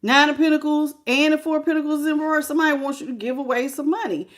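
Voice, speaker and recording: A woman, giving a lively, sassy live tarot reading straight to the viewer. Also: high-pitched, quick pace. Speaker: tarot reader.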